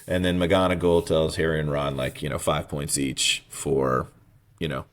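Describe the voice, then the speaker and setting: With a bass voice at a moderate pace, a male podcast co-host casually recaps a book chapter. He retells scenes in long stretches, sprinkling in plenty of "um" and "you know."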